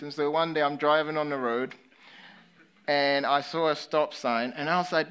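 A man from England with an English accent, a pastor delivering a sermon. He tells stories with energy, then drops to hushed, sober emphasis. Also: on the high side, moderate pace, clear, resonant tone. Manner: storytelling, swinging between lively and hushed, sober.

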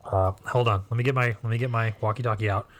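A man's voice: on the low side, steady tone, fast, noisy background. A man co-hosting a podcast, joking around in casual, profane banter. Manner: jokey, profane, goofy bits. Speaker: podcast co-host. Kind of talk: casual chat.

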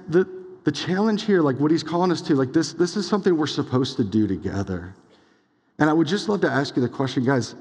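Young guy preaching, chatty and lively, lotta "like"s, echoey church hall. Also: mid-range voice. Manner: casual, animated preaching with many "like"s and asides. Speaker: pastor. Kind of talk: sermon. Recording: long hall reverb.

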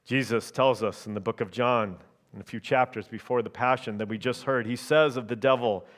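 A man preaching a sermon in a measured, emphatic way, often checking in with his listeners through quick tag questions. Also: mid-range voice, fairly even intonation.

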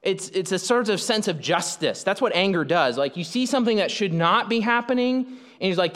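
A man preaching a sermon as pastor, animated, acting out the people in the passage he explains. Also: high-pitched, moderate pace. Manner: animated, acts out the speakers in the passage. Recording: long hall reverb.

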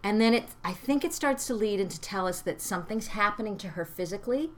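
Middle-aged woman, stage actress, chatty and animated, mid pitch, jumps into acted lines. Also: fast. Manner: animated, acts out lines as she explains. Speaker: Shakespearean actress and guest. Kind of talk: casual podcast chat.

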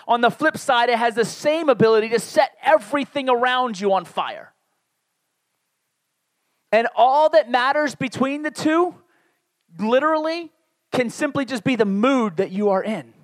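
A man's voice: very high voice, normal speed, no echo, studio quality. A man in his forties, raised in the Northeastern United States, preaching a sermon in a candid, conversational way with self-deprecating asides. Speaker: pastor.

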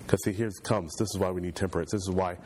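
A man preaching a sermon, building repetitive points with fervor and pushing his voice higher as he gets passionate. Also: fairly even intonation, very fast, a little mellow, a little hiss or hum. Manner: impassioned, voice climbs high when fervent.

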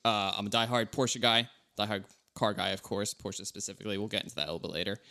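A man in his thirties co-hosting a casual car podcast, telling stories in a relaxed, rambling way. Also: fairly low pitch, quick pace. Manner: relaxed, rambling, animated storytelling. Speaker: podcast co-host.

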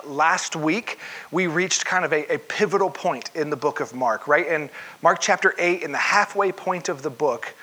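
A man with a bright, somewhat high voice preaches in a church. He keeps it conversational and puts questions to the congregation as he goes. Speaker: pastor. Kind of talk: sermon.

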